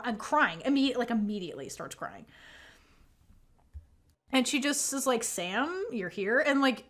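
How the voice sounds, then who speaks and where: Animated high-voiced woman recapping a show. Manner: animated storytelling, acting out character quotes; swears casually, says "like" a lot. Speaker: podcast co-host. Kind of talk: casual recap chat.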